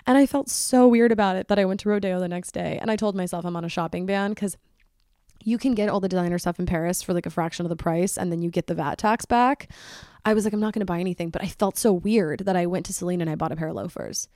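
A woman's voice: mid-range voice, quick pace, no room sound. 20s girl doing a solo podcast, super chatty, says like constantly, dramatic retellings, dry close sound. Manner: chatty, dramatic, heavy use of "like", quotes friends in animated bursts. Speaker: podcast host.

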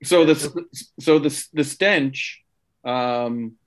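A man's voice: medium pitch, slow pace. A man playing a tabletop game, chatting in a casual, joking way. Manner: lively, laughing, joking. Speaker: player.

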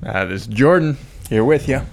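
A man's voice: medium pitch, animated, moderate pace, creaky. A man co-hosting a podcast, answering briefly and offhand. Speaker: podcast co-host. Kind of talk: casual podcast banter.

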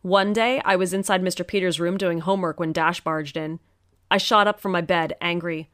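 A woman reads a first-person story aloud with earnest, emotional delivery. Her voice sits a little low, and the recording is dry and close with no room sound. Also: steady tone, normal speed, fairly bright tone, no echo. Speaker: narrator.

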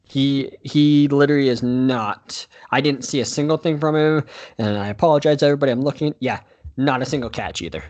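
A man co-hosting a casual sports podcast, chatty and quick to correct himself with apologetic asides. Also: medium pitch, a little mellow, dull audio. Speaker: podcast co-host.

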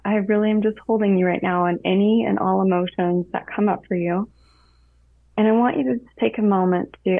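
A woman somatic coach gently guiding someone through an emotional exercise, speaking calmly over a call. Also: fairly low pitch, no room sound. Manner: slow, soothing guiding. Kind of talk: guided coaching session. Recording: tinny phone-line audio.

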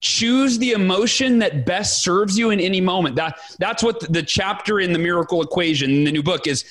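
A man in his forties, a guest author telling his story in a podcast interview with emphatic, animated delivery. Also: high voice, fairly quick. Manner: animated, emphatic, acts out quoted dialogue.

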